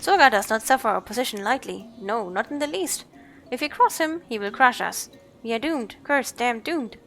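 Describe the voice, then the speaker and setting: A woman's voice: a little high, lively intonation, normal speed, a bit bright, faint music behind. A woman voicing a timid, fretful male kobold in a game, who nervously repeats his own words in little lists. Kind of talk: reading game dialogue aloud.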